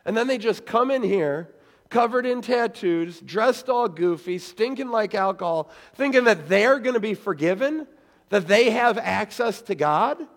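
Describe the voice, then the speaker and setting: A man preaching a sermon as a pastor, animated and acting out the voices he quotes. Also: high-pitched, unhurried, long reverb tail.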